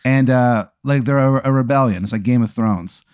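A man's voice: medium pitch, moderate pace, darkish tone, clear, resonant tone, no room sound, clean studio sound. A man hosting a podcast, telling an improvised comic story with lots of fillers. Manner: rambling, filler-heavy, laughing narration. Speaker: podcast host.

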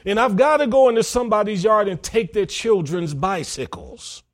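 A man's voice: moderate pace, natural voice. A man putting on the voice of a weeping, self-pitying man who stammers as he pleads with God. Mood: whining plea. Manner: high whining plea, stammering.

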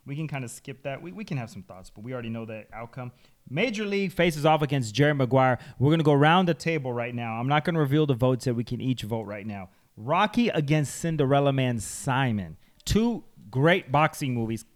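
A man's voice: medium pitch, brisk. A man hosting a podcast, running through a movie bracket in casual chat. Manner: runs the bracket, lively. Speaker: podcast host.

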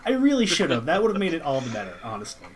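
A man in a casual podcast chat reviewing a movie, animated, swearing freely and laughing often. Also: on the high side, racing. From Boston area. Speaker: podcast co-host.

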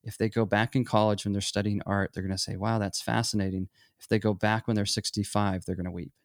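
Gravelly low-voiced man musing about creativity. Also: little pitch movement, fast, no echo, studio quality. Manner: reflective, rambling with restarts, acts out quoted voices. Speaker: photography teacher. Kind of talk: casual conversation.

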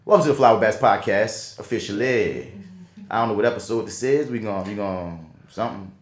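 A man hosting a podcast, telling stories in an animated, slang-heavy way. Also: on the low side, fairly quick. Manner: animated, slangy storytelling full of "you feel me". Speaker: podcast host and stage actor. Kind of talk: casual podcast chat. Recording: roomy echo.

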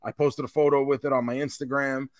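A man's voice: mid-range voice, little pitch movement, quick pace, no echo, studio quality. A man co-hosting a podcast, telling a convention story in casual chat and swearing now and then. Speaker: podcast co-host.

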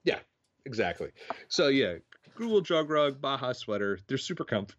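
A man's voice: mid-range voice, very animated, normal speed, fairly bright tone, a little hiss or hum. A man in his thirties chatting casually as a podcast co-host, rambling with lots of fillers and poking fun at himself. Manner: rambling, filler-heavy, self-mocking storyteller. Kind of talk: casual chat. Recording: dull lo-fi audio.

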